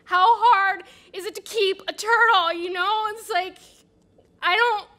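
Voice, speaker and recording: A woman's voice: high voice, fairly even intonation, unhurried, a bit bright. A rambling, anxious young woman. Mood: frustrated. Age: 30s. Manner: rambling, apologetic, bursts into angry rants.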